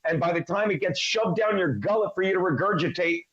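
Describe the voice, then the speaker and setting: Male panelist, emphatic long-winded talker, high voice, roomy lo-fi audio. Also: brisk, a bit bright. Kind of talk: casual chat. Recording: echoey, dull lo-fi mic.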